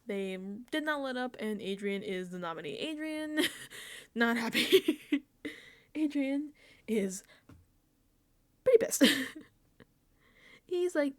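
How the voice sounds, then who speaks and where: Woman, casual recap host, higher voice, very expressive pitch, frequent laughter, exasperated. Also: slow pace, pauses often. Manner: animated, laughs often, exasperated. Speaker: reality show recap host.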